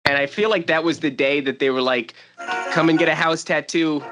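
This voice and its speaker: A man's voice: fairly high pitch, steady tone, brisk, loud music behind the voice. A man hosting a podcast in casual chat, joking and teasing his guests and laughing often. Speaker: podcast host.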